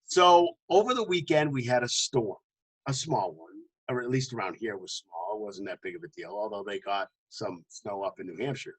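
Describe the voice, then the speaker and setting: A man's voice: expressive, fairly quick, fairly bright tone, slightly rough, rough recording. A man co-hosting a casual sports podcast, telling stories with frequent laughs and restarts. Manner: laughs often, storytelling with restarts; jokingly puts on a booming announcer voice. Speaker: co-host.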